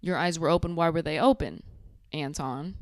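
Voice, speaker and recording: A young woman recapping a reality show in a sarcastic, animated way, acting out what people said. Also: low-pitched, moderate pace, a little hiss or hum. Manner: sarcastic, animated, acts out quotes. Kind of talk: casual recap commentary.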